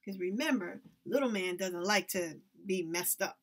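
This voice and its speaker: A woman reads a children's story aloud, with lively, expressive narration. Her pitch sits in the middle range for a woman. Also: normal speed. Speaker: reader.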